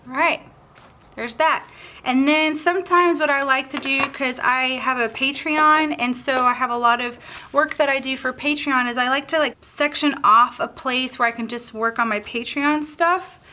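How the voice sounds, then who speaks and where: A woman's voice: sits high, normal speed, pushed and bright. A woman with a Southern accent chatting casually through a painting tutorial, bubbly and thinking aloud as she works. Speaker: craft tutorial host.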